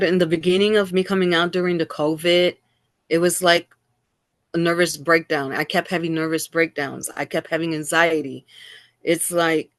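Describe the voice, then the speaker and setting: A middle-aged woman speaks as an interview guest, her voice sitting low for a woman. She tells her story candidly and animatedly, slipping into the voices of people she recalls. The sound is dry and close, with no room around it. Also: dry recording. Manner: animated, acts out quoted exchanges.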